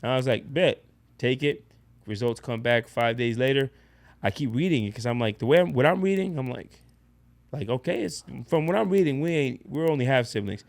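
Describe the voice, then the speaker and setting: A man casually telling a personal story in a blunt, profane, animated way as a podcast guest. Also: medium pitch, fairly quick, gravelly.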